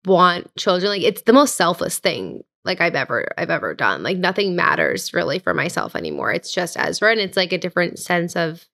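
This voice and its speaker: A young woman co-hosting a podcast, talking softly and earnestly into a studio microphone. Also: lowish voice, sing-song, a little fast, vocal fry, few pauses. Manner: soft, earnest, drifting near a whisper. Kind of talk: casual chat. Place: recording studio.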